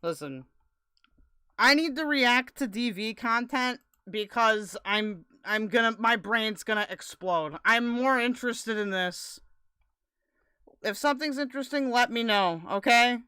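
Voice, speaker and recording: A woman's voice: on the high side, measured pace, bright, forceful tone, smooth, no echo, clean studio sound. A woman streamer chatting casually and bluntly, cursing as she sets up a video. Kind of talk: casual livestream chat.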